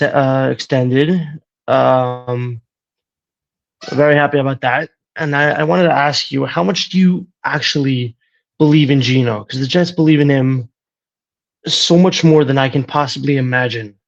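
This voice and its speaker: A man calling in to a sports show, speaking calmly and hesitantly with frequent pauses. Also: mid-range voice, gravelly, highs cut off. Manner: calm, hesitant, with many ums. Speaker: caller. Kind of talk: call-in chat.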